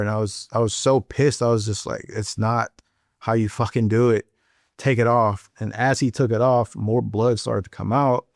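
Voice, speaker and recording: A man's voice: on the low side, no room sound, studio quality. Blunt, profane man telling a war story. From St. Louis, USA. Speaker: Marine veteran guest. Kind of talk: storytelling in an interview.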